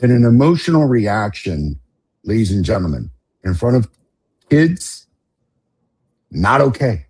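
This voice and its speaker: A middle-aged man with a low, husky voice hosts a podcast in a casual style. He rants with passion and swears freely, pushing into loud, emphatic bursts. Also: big pitch swings, a little slow. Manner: passionate, profane, builds to emphatic outbursts. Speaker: podcast host.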